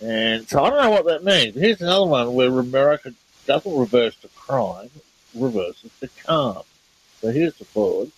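A man's voice: medium pitch, animated, moderate pace, slightly rough, poor audio. A man hosting a casual discussion, eagerly explaining clips and often restarting his sentences. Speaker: host presenting reversed speech clips.

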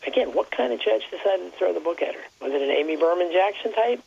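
High, gravelly man on a muffled line. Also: animated, crowd noise. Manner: rambling, halting, many restarts. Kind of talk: casual talk radio chat.

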